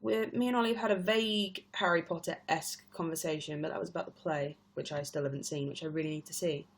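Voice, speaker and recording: A woman's voice: deep voice, steady tone, quick pace. Chatty young British woman, rambling. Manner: chatty, rambling, laughs often. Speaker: livestream host. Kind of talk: casual live-stream chat.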